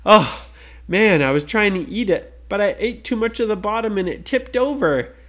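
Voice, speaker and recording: A parent telling a bedtime story, putting on a high voice for a hungry, easygoing young boy who strains and calls out. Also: lively intonation, normal speed, a bit bright, natural voice. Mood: cheerful.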